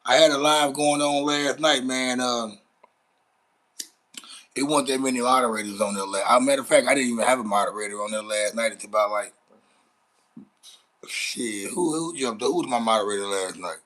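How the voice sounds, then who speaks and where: A man's voice: medium pitch, a little fast, pauses often, a bit bright, rough recording. A man hosting a casual live stream, rambling and swearing as he chats with viewers. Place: Dallas, Texas.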